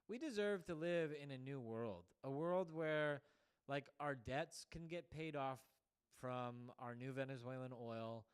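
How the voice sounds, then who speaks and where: A man's voice: medium pitch, clean tone. A man hosting a show, giving a rambling political monologue full of "like" fillers. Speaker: show host.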